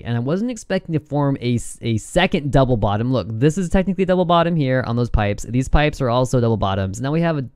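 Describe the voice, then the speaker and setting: Excitable trading vlogger, male, mid pitch, smooth voice, dry close mic. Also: fast talker, few pauses, dry recording. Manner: excitable, laughs and whoops, giddy. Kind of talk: casual chart commentary.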